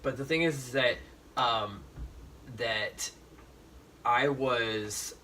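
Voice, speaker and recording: A man hosting a casual podcast chat, his voice bright and forward. He tells stories frankly, swears freely and restarts his sentences often. He sits a little way back from the microphone. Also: mid-range voice, drawn-out words, recorded from a distance, a little hiss or hum. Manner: frank, profane storytelling with many restarts. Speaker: podcast host.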